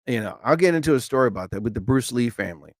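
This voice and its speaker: A middle-aged man hosting his own live stream, chatting casually and acting out what people said in high, mocking voices. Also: racing, no room sound, clean studio sound. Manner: animated, acts out quotes in high voices.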